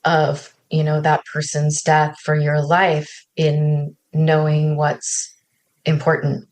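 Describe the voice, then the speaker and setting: A woman speaks in a thoughtful, reflective podcast conversation. Her voice sits a little low. She circles her points and tags them with "right?" as she goes. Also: completely flat delivery, takes it slowly, a little mellow.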